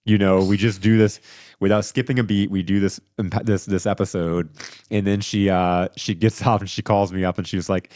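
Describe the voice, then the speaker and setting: A man hosting a podcast, telling a story in casual chat, animated and rambling with restarts. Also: sits low, fairly quick, no room sound. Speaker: podcast host.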